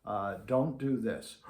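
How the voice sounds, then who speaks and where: A man's voice: medium pitch, noisy background. Easygoing male trombone teacher, echoey room. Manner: easygoing, conversational, demonstrating as he talks. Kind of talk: relaxed instructional talk to camera.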